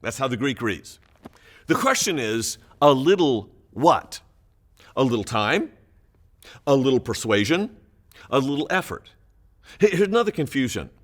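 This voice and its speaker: A man's voice: mid-range voice, sing-song, measured pace, long pauses. A man pastor giving Bible teaching for small groups, explaining emphatically with occasional chuckles.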